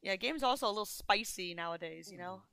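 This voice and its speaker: A woman's voice: medium pitch, fast talker, vocal fry, bright, forceful tone, no echo. A young woman in her late teens or early twenties, bantering in character with giggly, teasing chatter. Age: young adult. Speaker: roleplay streamer playing a character. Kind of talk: in-character game roleplay banter.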